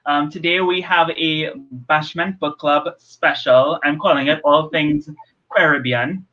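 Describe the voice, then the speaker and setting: A young man from Trinidad hosting a live video call book chat, relaxed and hesitant with fillers. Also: on the high side, a little slow. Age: young adult. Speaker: host. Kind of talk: casual live-stream chat. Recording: dull lo-fi video call audio.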